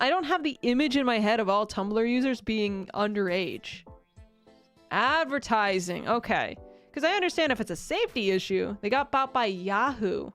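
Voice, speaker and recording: A woman's voice: on the high side, fairly bright tone. A woman streamer chatting casually with her viewers, rambling and self-mocking and often breaking into laughter.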